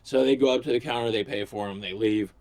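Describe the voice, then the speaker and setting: Lower-voiced man, ranting vlogger, rambling and profane. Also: fairly even intonation, fast, a little mellow, a little hiss or hum. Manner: rambling, sarcastic, profane, restarts often. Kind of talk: casual ranting vlog.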